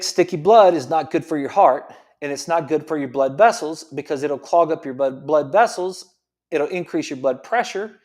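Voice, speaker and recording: A man's voice: a little high, a little mellow. A middle-aged man, a chiropractor hosting an informal health talk, repeating his points with emphasis and asking rhetorical questions. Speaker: chiropractor host.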